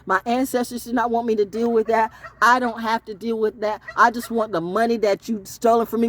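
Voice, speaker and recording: A woman broadcaster talking in a profane, unscripted rant, swinging from loud high outbursts to low mutters. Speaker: online storyteller and broadcaster. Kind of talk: unscripted ranting monologue.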